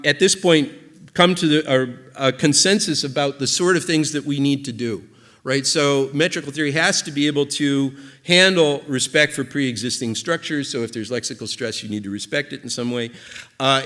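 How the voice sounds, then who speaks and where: A man's voice: fairly high pitch, fairly bright tone. A man giving an invited academic conference talk, explaining ideas aloud in a loose, thinking-aloud way with frequent fillers and restarts. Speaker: invited speaker. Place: lecture hall. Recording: long reverb of a lecture hall.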